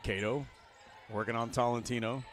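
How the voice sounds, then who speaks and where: An older man doing live play-by-play for a college basketball game, jokey and excitable, with loud calls on big plays. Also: mid-range voice, normal speed. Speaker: play-by-play commentator. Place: courtside broadcast booth in a gym.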